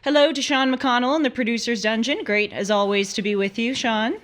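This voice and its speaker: A woman's voice: fairly high pitch, fairly quick, a bit bright. A young woman hosts a live call-in show in a casual, chatty way. She talks with animation and laughs often. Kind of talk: casual live-stream talk.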